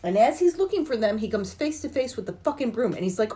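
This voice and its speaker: A woman's voice: on the high side, big pitch swings, mellow. A woman in her forties on a podcast, casually retelling movie scenes and swearing as she acts out the characters' lines. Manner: swears freely, acts out lines in quick asides. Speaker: podcast host recapping a film.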